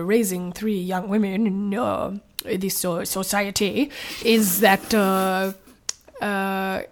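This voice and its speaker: A woman doing a halting impression of a cartoon villain dad with a mixed European accent, full of hesitations. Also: medium pitch, lightly acted.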